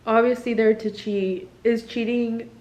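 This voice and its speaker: A woman's voice: fairly high pitch, steady tone, a little slow, a little mellow. Distressed young woman venting, profane and rambling. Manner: rambling, profane, filler-heavy "like". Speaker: military spouse. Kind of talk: candid confessional vlog.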